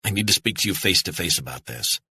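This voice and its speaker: A man's voice: deep voice, animated, quick pace, pushed and bright, husky, exaggerated voice. A man playing an earnest male journalist who presses his case urgently on the phone. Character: middle-aged male journalist, earnest and persuasive.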